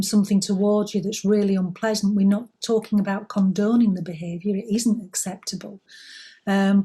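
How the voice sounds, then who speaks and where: A woman with a mellow, warm tone offers earnest words of encouragement in a relaxed spiritual chat. She speaks at a middle pitch and laughs easily with her co-host.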